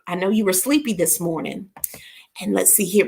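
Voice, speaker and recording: A woman's voice: medium pitch, normal speed, creaky. A middle-aged woman hosting a casual live stream, playful and chatty, greeting her viewers by name. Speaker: livestream host. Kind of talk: casual livestream chat.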